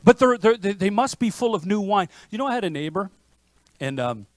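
Higher-voiced male pastor preaching. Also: a little fast. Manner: lively conversational preaching with frequent restarts. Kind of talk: sermon. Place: church sanctuary.

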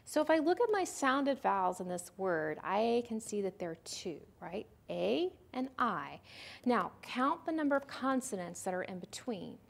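A woman's voice: mid-range voice, big pitch swings, normal speed, gravelly. A woman giving a recorded lecture on phonics, explaining step by step in a patient, teacherly way and sounding out words as she goes. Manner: models the sounds aloud. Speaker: literacy presenter.

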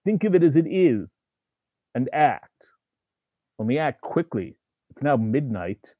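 A man's voice: mid-range voice, big pitch swings, measured pace, dry recording. A man voicing a contemptuous male demon who tempts and taunts, with a harsh, grating manner, over a tinny phone-like recording. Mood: urging. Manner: taunting, coaxing, scornful. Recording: tinny phone-like dry sound.

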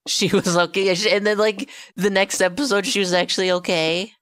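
A woman's voice: medium pitch, steady tone, a little fast, no echo. A woman streaming a game, chatting casually to her viewers with profane jokes. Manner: profane, joking, talks to chat. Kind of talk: casual gaming commentary.

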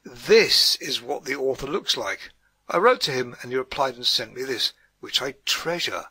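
An earnest middle-aged German housewife lectures her neighbours in a put-on German accent, as a man puts her on. The tone is bright and slightly husky, the sound dry and close. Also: medium pitch, expressive, moderate pace, no echo.

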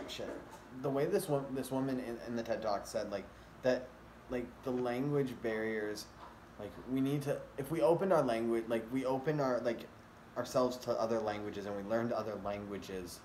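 A man's voice: medium pitch, moderate pace, darkish tone, slight background noise. A man vlogging casually, rambling with many fillers and restarts. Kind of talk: casual rambling vlog talk. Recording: echoey room with faint ambience.

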